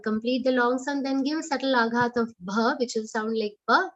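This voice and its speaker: A woman with an Indian English accent teaching verse recitation, chanting each line slowly and then explaining the pronunciation quickly in a lower voice. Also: highs cut off. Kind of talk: slow chanted recitation with spoken pronunciation notes. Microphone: online class audio.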